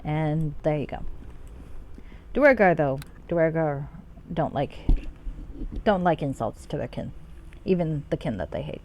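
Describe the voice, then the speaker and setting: Low-voiced woman rambling over gameplay. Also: expressive, a little slow, long pauses, a little mellow, highs cut off, a little hiss or hum. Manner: rambling, tangential and profane. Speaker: streamer playing a video game. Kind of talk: casual let's-play commentary.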